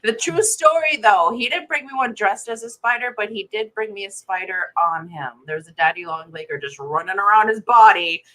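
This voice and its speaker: A woman's voice: medium pitch, moderate pace, few pauses, pushed and bright, poor audio. A woman hosting a casual morning livestream, giggling often as she greets viewers and chats with her co-host.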